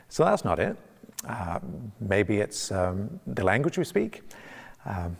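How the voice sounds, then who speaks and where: A man's voice: lowish voice, creaky. A man preaching a conversational sermon as pastor, from Canada, with frequent restarts and fillers. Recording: long church reverb.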